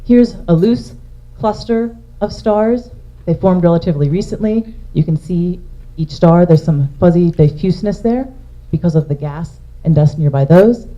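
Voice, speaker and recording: This public science lecture comes from a woman astronomer whose voice is warm and fairly low, delivered at a moderate pace. She points to her slides and explains the material step by step, and the lo-fi recording sounds dull.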